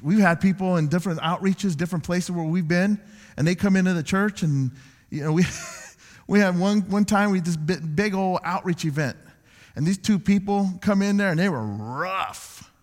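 A man's voice: high voice, normal speed. A pastor preaching a sermon to his church, acting out the people he quotes. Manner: animated preaching, acts out quoted voices. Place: church sanctuary. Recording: long church hall reverb.

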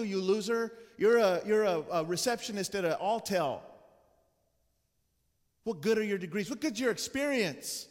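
A preacher voicing a jeering, loud devil. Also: male voice, high-pitched, in a large hall, voice pushed up. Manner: mocking, jeering. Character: taunting male devil, sneering and cruel. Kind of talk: sermon storytelling.

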